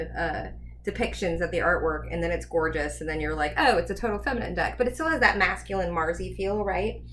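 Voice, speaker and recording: A woman's voice: medium pitch, a bit bright, a little hiss or hum. A woman giving a casual tarot reading, chatty and rambling as she thinks aloud. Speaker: tarot reader.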